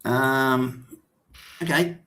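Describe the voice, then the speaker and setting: Older Australian man, slow rambling talk. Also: mid-range voice, fairly even intonation, a bit bright. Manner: rambling, halting, with many restarts and fillers. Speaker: livestream host. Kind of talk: casual chat, reading viewer comments.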